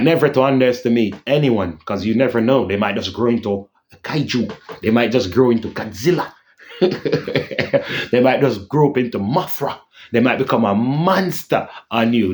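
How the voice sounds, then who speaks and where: A man's voice: mid-range voice, darkish tone. A man hosting a casual vlog rant, rambling and repeating himself, often tagging lines with "yeah?" and humming dramatic sound cues. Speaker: channel host.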